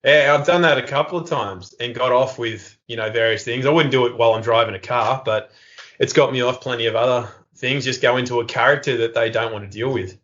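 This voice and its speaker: A man's voice: mid-range voice, fairly quick. Aussie man in his thirties, podcast guest, spins yarns and acts out the voices, muffled lo-fi sound. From Australia. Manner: animated, acts out quoted voices. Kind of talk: casual storytelling interview. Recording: dull lo-fi podcast audio.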